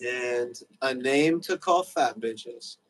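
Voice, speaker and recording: A man's voice: medium pitch, slow, poor audio. A young man hosting a livestream, rambling loosely in casual chat with lots of fillers. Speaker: livestream host.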